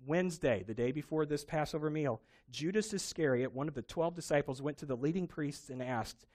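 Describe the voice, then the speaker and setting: A man preaching a sermon, telling a Bible story with animated emphasis. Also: on the high side, fairly quick. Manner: animated storytelling, acting out quoted voices. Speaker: pastor.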